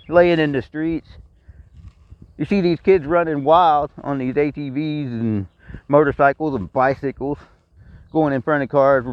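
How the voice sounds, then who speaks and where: A middle-aged man with a Texan accent, delivering a blunt, profane personal rant full of repeated complaints. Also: fairly high pitch. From Texas. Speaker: vlogger. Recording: dry, dull lo-fi sound.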